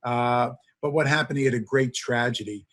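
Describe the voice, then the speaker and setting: A husky-voiced man at a middle pitch, speaking as a history professor. He lectures with eager storytelling and leans on frequent "uh"s between his points. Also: normal speed, a bit bright. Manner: enthusiastic storyteller, many filler "uh"s. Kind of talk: lecture to an audience.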